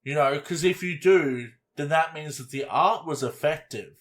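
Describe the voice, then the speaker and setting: A man's voice: fairly high pitch, moderate pace. A man, co-hosting a podcast and reviewing an album in casual, rambling chat with casual swearing. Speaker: podcast co-host.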